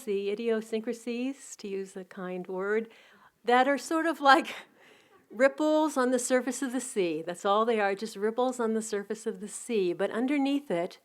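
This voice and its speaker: A middle-aged woman giving a reflective spiritual talk, telling anecdotes in a gentle, unhurried way with soft restarts. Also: on the high side. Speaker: spiritual community teacher.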